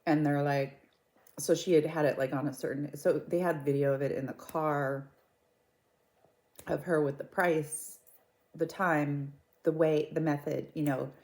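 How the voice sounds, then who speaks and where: Low-voiced woman chatting, telling a story. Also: measured pace. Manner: chatty, gossipy, animated retelling. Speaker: mukbang vlogger. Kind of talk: casual storytelling.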